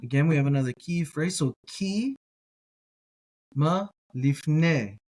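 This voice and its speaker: A man teaching a slow reading lesson in Hebrew, repeating each word several times and correcting himself as he goes. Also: a little high, animated, darkish tone. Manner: careful, self-correcting.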